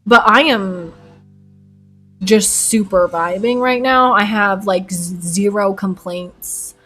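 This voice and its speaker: A woman's voice: medium pitch, slow, a bit bright, faint music behind. A woman streamer chatting casually with her live chat while she paints, bubbly and giggly and rambling, at her home desk.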